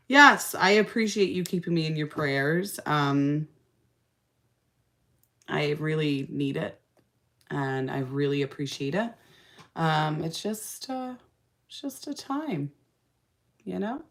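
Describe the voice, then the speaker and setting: A woman's voice: low-pitched, animated, slow pace, long pauses, fairly bright tone. Tired, chatty woman livestream host. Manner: chatty, laughs often, trails off in fillers. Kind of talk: casual livestream chat reading comments.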